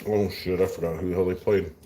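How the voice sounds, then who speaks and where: A man's voice: low voice, fairly even intonation, quick pace, mellow, slight background noise. A middle-aged man with a West Texas accent, chatting casually with viewers over dinner in a laid-back, drawling way. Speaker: host. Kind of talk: casual chat while eating dinner.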